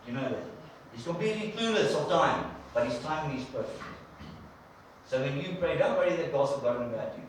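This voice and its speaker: A man preacher giving a conversational, animated sermon in a church. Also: a little high, a little fast, a little hiss or hum. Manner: animated storyteller, conversational, acts out quotes. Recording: echoey church from a distant mic.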